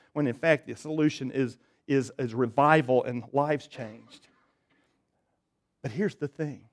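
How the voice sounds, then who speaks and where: A pastor preaching a sermon in a slightly higher-than-average male voice. He drives some points home loudly and drops others to a quiet, low murmur. The delivery is conversational but emphatic. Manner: dynamic preaching, swings from loud emphatic to soft and low.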